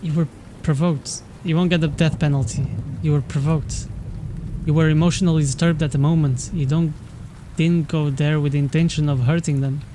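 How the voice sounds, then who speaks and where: A man voicing a calm male police detective in a story game, measured and reassuring. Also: a little high, slight background noise, natural voice.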